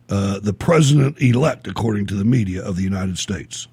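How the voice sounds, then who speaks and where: A middle-aged man hosting a call-in talk radio show, blunt and animated, often laughing. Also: on the low side, brisk, gravelly, breathy edge, no room sound.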